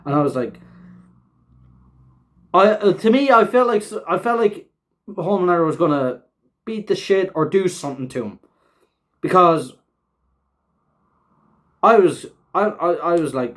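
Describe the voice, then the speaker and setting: A man with a slightly high voice hosts a casual reaction recap. He rambles from point to point, leaning on fillers and restarts and swearing freely. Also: lively intonation, unhurried, long pauses, a bit bright. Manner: rambling, filler-heavy, swears often, laughs while talking. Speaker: show host reviewing an episode.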